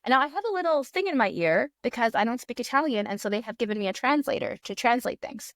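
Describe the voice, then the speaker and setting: A woman in her thirties, a magician guest on a podcast, telling an animated story and acting out her own past thoughts in quick voices. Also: fairly high pitch, no echo, clean studio sound. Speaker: guest magician and fire eater.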